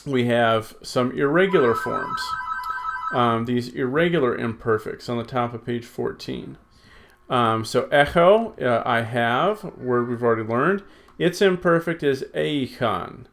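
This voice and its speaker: A man's voice: mid-range voice, a little hiss or hum. A man teaching a recorded language lesson at his computer, explaining step by step in a patient, methodical way with frequent fillers. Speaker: Greek teacher.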